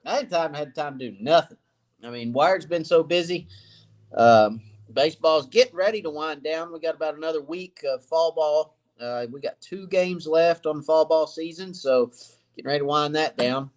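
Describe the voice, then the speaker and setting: A man's voice: a little high, normal speed. Easygoing man chatting on a live stream. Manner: rambling, easygoing, greets viewers by name. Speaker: fishing channel host. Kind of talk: casual live-stream chat. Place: cluttered home workshop.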